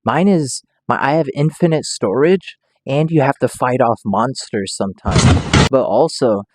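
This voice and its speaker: A man's voice: mid-range voice, moderate pace, heavy background noise. A young man giving casual, rambling reaction commentary, joking around and swearing freely. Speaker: reaction streamer.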